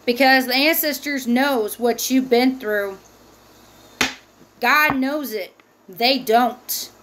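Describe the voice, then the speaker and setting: A high-voiced woman gives a spiritual tarot reading in a slow, deliberate delivery. She is heated and profane, and she stresses every claim. A faint noise sits under her voice. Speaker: tarot reader.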